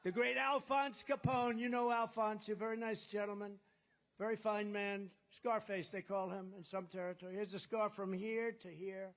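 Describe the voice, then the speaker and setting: A man's voice: high voice, little pitch movement, moderate pace, a bit bright. Rambling man giving a rally speech. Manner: rambling, boastful, repeats phrases. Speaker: political candidate. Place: rally at a golf resort.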